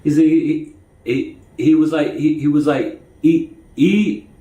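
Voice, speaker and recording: A man's voice: a little high, little pitch movement, unhurried, warm tone, echoey room, rough recording. A man telling a personal story in a casual way, often stuttering and repeating his words. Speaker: storyteller recounting jail time.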